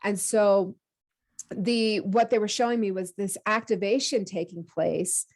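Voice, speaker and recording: Podcast guest, woman, mid-pitch, animated storyteller who acts out what she was thinking. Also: unhurried. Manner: lively, acts out her own quoted thoughts; many fillers and restarts, laughs easily. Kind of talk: casual conversational storytelling.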